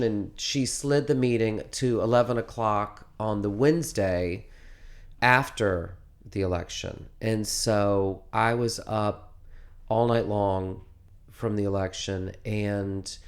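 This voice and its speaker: A man being interviewed, telling a long story in a rambling, animated way with many restarts. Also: medium pitch. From United States. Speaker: interviewed musician. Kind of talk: casual interview.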